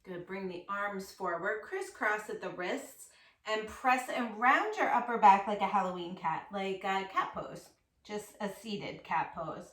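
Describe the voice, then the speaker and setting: A woman teaching a yoga class, calmly and slowly cueing poses and breaths. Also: medium pitch, far from the mic. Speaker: yoga instructor. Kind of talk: guided yoga class instruction. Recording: echoey room, voice set back from the mic.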